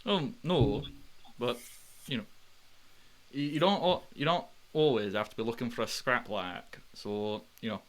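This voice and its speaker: A man's voice: medium pitch, measured pace. A man playing a tabletop game, talking hesitantly with stammers and restarts. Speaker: player.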